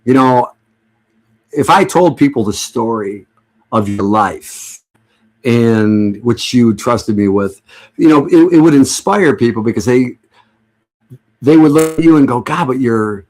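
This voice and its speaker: A man's voice: mid-range voice, lively intonation, measured pace, long pauses, a little mellow. Sarcastic rambling middle-aged man. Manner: sarcastic, joking, rambling with restarts. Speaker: livestream host. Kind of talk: casual rambling chat to viewers.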